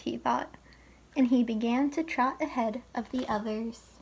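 A woman reading a children's picture book aloud as a teacher, slow and expressive. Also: a little high, vocal fry, slightly rough. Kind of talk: storybook read-aloud.

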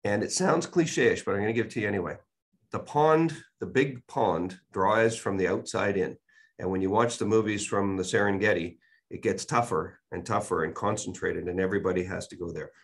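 An older man, a guest real estate expert on a podcast, telling stories and giving emphatic, folksy advice. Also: fairly low pitch. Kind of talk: podcast interview.

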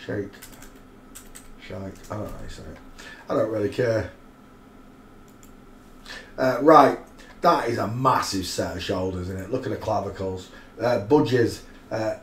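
A man's voice: on the low side, unhurried, pauses often, a bit bright. A man hosting a live stream, giving rambling, mocking commentary full of crude asides. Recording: roomy echo, faint noise.

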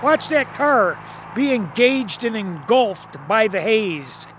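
A man's voice: high-pitched, sing-song, slow, a bit bright, slight background noise. A man filming outdoors at night on his phone camera, talking to viewers in an insistent way, repeating himself and stumbling over restarts. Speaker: video blogger. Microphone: phone camera held while filming.

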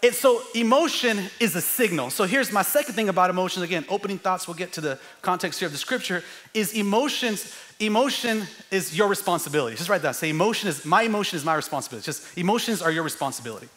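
Middle-aged male pastor, high and bright, animated preaching style that rises to shouts. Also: fast talker, few pauses. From United States. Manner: energetic, joking, builds to shouting. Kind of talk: sermon. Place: church sanctuary.

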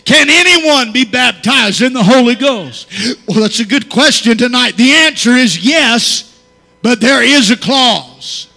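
Pastor guy preaching hard, real high bright voice, lots of uh's and amens, church hall echo. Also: expressive, unhurried. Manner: preaching with frequent "uh" fillers and calls for amen. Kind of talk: Pentecostal sermon. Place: church sanctuary. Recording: long church hall reverb.

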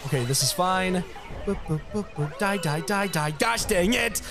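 A man giving excitable let's play commentary, laughing often and breaking into yelps and shouts. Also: sits high, normal speed, gravelly. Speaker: gameplay commentator. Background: video game music.

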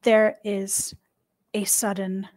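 A woman game master narrating a tabletop game in an unhurried, descriptive way. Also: mid-range voice, flat delivery, darkish tone, dry recording.

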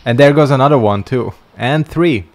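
Yawning and sleepy, a male streamer with a medium-pitched, darkish voice offers relaxed commentary at a moderate pace as he plays, tossing out wry jokes along the way.

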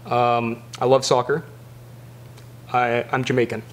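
A man's voice: medium pitch, flat delivery, a little slow, slight background noise. A young man, a video editor, joining a casual group chat with laid-back dry humor.

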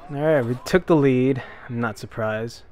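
A man's voice: medium pitch, moderate pace, a little mellow. A young man giving rambling, chatty commentary while playing a skateboarding video game, talking back at the characters on screen. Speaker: gaming YouTuber. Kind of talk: casual let's-play commentary. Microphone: desk microphone.

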